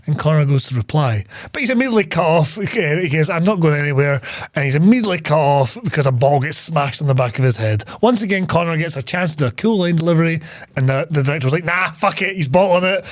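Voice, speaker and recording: A man's voice: on the high side, quick pace, dry recording. A man co-hosting a podcast, retelling film scenes in casual, sweary chat. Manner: sweary, animated storytelling. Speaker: podcast co-host.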